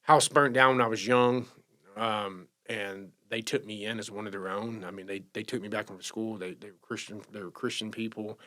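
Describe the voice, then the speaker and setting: A man talks through a personal story in a low, unpolished voice. He speaks haltingly and with feeling, often repeating himself and starting over mid-sentence. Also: steady tone, pushed and bright. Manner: emotional, halting, many restarts. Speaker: podcast guest sharing recovery story. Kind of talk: casual storytelling.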